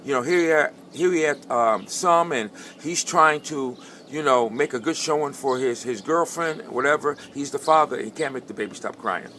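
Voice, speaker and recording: A man's voice: mid-range voice, moderate pace, few pauses, pushed and bright, a little hiss or hum. Fervent middle-aged man telling a testimony. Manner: conversational, repeats himself for emphasis, builds to fervent. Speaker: storyteller sharing a testimony. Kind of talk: personal testimony.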